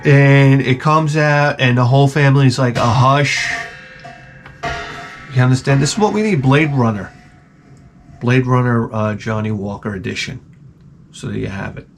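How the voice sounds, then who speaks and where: A man hosting his own channel, telling a rambling comic story with lots of swearing and loud mouth sound effects. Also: mid-range voice, moderate pace, over music. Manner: animated, profane, with loud sound-effect imitations. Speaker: channel host. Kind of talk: rambling comedic monologue.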